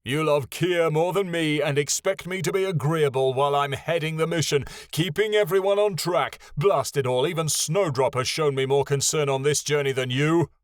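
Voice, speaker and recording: A man's voice: normal speed, hardly any pauses, no room sound, studio quality, lightly acted. A man voicing a furious, bitter male dragon. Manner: booming, furious shouting. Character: proud angry male dragon, bitter and wounded.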